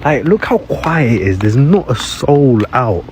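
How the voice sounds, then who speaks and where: Young man, loose chatty vlog delivery, recorded outdoors with steady street noise. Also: medium pitch, a little slow. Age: young adult. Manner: chatty, full of "like". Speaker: travel vlogger. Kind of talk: casual walking vlog. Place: quiet suburban street outdoors.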